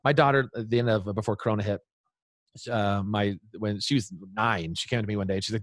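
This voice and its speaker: A man's voice: fairly low pitch, steady tone, fast talker, no room sound. A man in his thirties, a guest speaking to parents in an interview, talking with energy and acting out what kids say. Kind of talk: animated interview talk.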